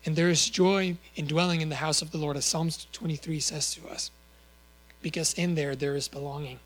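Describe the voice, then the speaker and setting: Earnest male preacher, slightly high voice. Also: fairly even intonation, moderate pace, fairly bright tone, rough recording. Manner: earnest, with rhetorical questions and small self-corrections. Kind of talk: sermon.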